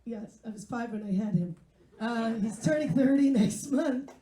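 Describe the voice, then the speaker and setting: A woman in her forties doing stand-up. Her voice sits high but has a dark, mellow tone. She sounds wry and self-mocking as she banters with the crowd, and the recording carries a roomy echo. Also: normal speed. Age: 40s. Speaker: stand-up comedian and English teacher. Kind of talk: stand-up comedy set. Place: live comedy venue.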